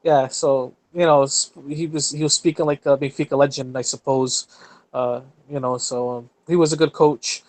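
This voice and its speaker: A man's voice: medium pitch, steady tone, moderate pace, a little mellow, no echo. A male podcast co-host chatting casually, full of fillers and losing his train of thought.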